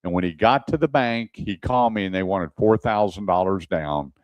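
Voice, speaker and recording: A man's voice: low voice, normal speed, darkish tone, no room sound, lo-fi sound. A man hosting a radio talk show, telling customer stories and acting out both sides of each conversation. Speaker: radio show host and car advisor. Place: radio studio.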